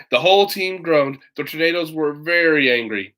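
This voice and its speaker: A man reading a children's picture book aloud with lively voices, now and then stopping to add casual comments of his own. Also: fairly high pitch, a little fast. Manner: animated reader, breaks in with chatty comments. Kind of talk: storybook read-aloud with asides.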